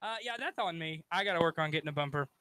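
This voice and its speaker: Quick, bright-voiced sports radio co-host. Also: male voice, on the high side, animated, clean tone, no room sound, rough recording. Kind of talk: casual sports chat.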